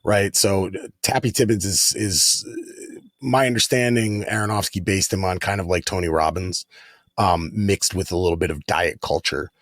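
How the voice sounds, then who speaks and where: A man's voice: low-pitched, steady tone, normal speed, fairly bright tone, no room sound, clean studio sound. A man guesting on a film podcast who talks casually about a movie, hesitating often as he works through his thoughts. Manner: hesitant, many fillers and restarts.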